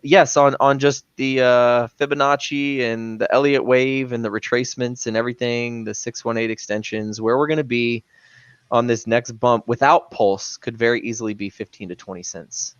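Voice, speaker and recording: A man's voice: medium pitch, fairly even intonation, normal speed, clean tone, dry recording, dull audio. A man co-hosting a casual crypto livestream, talking emphatically and saying "man" often. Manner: emphatic, says "man" a lot.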